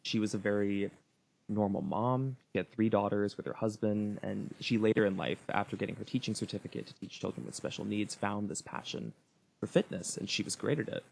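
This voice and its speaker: A man's voice: fairly low pitch, a little fast, vocal fry, darkish tone, slight background noise. A young man co-hosting a true-crime podcast, chatting casually and laughing often as he tells stories. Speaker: podcast co-host.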